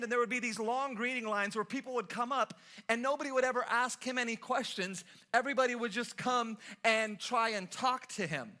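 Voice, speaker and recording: High, bright-voiced playful pastor. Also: male voice. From Los Angeles area, USA. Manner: playful, teasing the congregation. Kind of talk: joking, storytelling sermon. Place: church service before a congregation.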